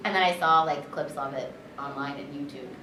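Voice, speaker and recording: Speaking fairly quickly in a deep, bright, forceful voice, this woman is a voice actress and director sharing stories at a convention panel interview. Her talk is chatty and full of fillers as she retells events with animation. A little hiss or hum sits under the recording, which comes from a distant mic in an echoey room with background chatter.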